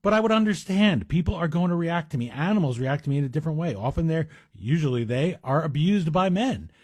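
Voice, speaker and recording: A man's voice: fairly high pitch, expressive, fast talker, a little mellow, husky, dry recording. A middle-aged man guest hosting a talk radio show, chatty and wry, with self-deprecating asides. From Greek heritage. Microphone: studio microphone.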